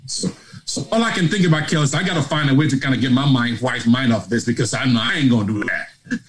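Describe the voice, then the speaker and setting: A middle-aged man from Nigeria, a podcast guest telling a personal story in a lively way, acting out dialogue and laughing. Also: medium pitch, fast, crowd noise, poor audio.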